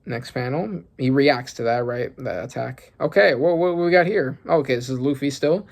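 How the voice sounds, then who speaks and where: A man's voice: mid-range voice, normal speed, gravelly. A man reading through a comic and reacting as he goes, thinking aloud and swearing when surprised. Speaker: manga reaction channel host. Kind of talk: casual reaction commentary.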